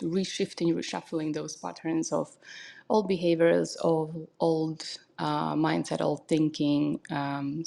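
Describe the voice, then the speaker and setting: A woman who is a mindset coach, talking in a hesitant, thinking-aloud way with many pauses, with Russian as her first language, on an audio chat room. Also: low-pitched, gravelly, mellow. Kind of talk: casual podcast talk.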